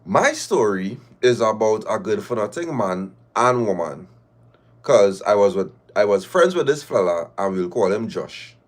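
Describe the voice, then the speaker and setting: A man's voice: fairly low pitch, lively intonation, measured pace. A man, hosting a live show and reading listener stories aloud with laughing, mock-outraged asides.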